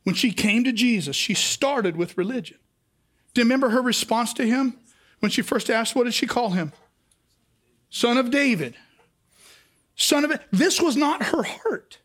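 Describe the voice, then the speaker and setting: A male pastor preaching a sermon, swinging between impassioned shouts and quiet asides. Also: very high voice, expressive, moderate pace, pauses often.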